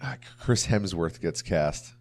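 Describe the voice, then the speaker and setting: A man's voice: low voice, animated, slow pace, creaky, a little hiss or hum. A young man co-hosting a casual movie review chat, rambling with lots of fillers. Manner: rambling, filler-heavy, mimics movie lines. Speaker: podcast co-host.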